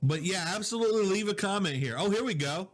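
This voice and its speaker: Guy hosting a live stream from his office, kinda high voice, chatty, reading out comments, quiet mic. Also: lively intonation, fast. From Southwest Louisiana. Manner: chatty, greets viewers and reads out comments. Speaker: digital host. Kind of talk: casual live-stream chat. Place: home office. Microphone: low-volume mic with problems.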